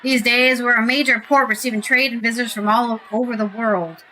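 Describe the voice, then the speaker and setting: Woman voicing a gruff scornful townsman. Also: fairly high pitch, fairly even intonation, fairly quick, bright, forceful tone, a little hiss or hum, low-quality recording. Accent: British attempt. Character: gruff male townsman agitator, blunt and scornful.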